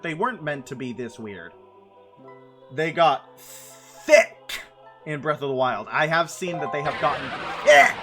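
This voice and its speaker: A man casually commenting on a game as a streamer, playful and prone to sing-song bits. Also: a little high. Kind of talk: casual let's-play commentary.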